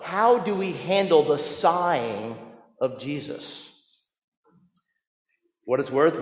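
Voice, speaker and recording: A male pastor delivers a sermon in a high, lively voice that swoops up and down as he tells the story. He tosses rhetorical questions at his congregation. The sound rings around a church sanctuary with a long, lingering reverb.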